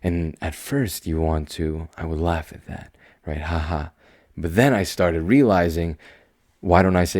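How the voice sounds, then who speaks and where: A young adult man with a very deep, low voice rambles through his casual solo podcast with easy self-assurance. He speaks slowly, calmly and soothingly, mixing quiet asides with emphatic bursts, and the recording is dry and close with no room sound.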